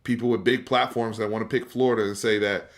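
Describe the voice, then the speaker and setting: A man with a low-side voice talks fast in a steady tone as he hosts a casual, emphatic sports debate on a live stream. He speaks right to his viewers and repeats and restarts words as he gets going.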